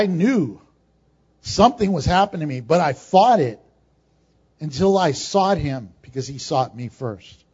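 A man preaching a sermon, swinging from emphatic, rising peaks to quiet, joking asides. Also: high-pitched. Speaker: pastor. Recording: dull lo-fi sound.

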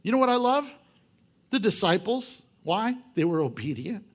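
A male pastor preaching a sermon in an animated, joking way, firing off rhetorical questions. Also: sits high, normal speed.

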